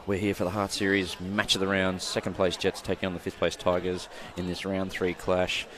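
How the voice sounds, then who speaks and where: Low-voiced man commentating netball. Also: monotone, crowd noise. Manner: chatty, jokey, quick to laugh. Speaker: play-by-play commentator. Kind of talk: live sports commentary. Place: outdoor netball court. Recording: noisy court ambience behind.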